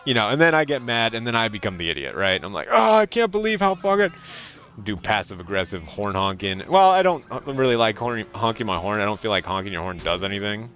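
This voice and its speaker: A man from California chatting casually and swearing freely while streaming a game, now and then slipping into loud mocking voices. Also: on the low side, fast, hardly any pauses. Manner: animated, profane, slips into loud mocking voices. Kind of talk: casual gaming commentary.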